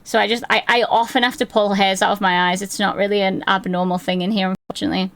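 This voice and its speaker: Streaming from her home, this twenty-something woman talks fast in a mid-range, gravelly, somewhat bright voice with fairly even intonation and no echo. She's chatty and self-deprecating, swearing often, laughing readily, and reading her chat out loud.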